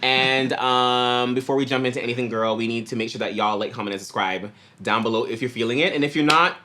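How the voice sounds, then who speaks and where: A man in a pop group hosting a reaction video, chatting casually in a slangy, animated way. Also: mid-range voice, brisk, slight background noise. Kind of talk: casual chat.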